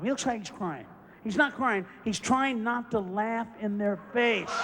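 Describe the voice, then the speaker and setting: Brief: a male comedian with a very high, shrill voice, yelling profane rants, a faint audience behind. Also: big-room sound, a little hiss or hum. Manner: shouting, profane ranting. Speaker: stand-up comedian. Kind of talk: stand-up comedy routine.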